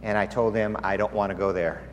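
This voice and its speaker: A man's voice: lowish voice, steady tone, moderate pace, noisy background. A man preaching as a pastor, earnest and confiding as he tells a personal story within a sermon. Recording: long hall reverb, faint ambience.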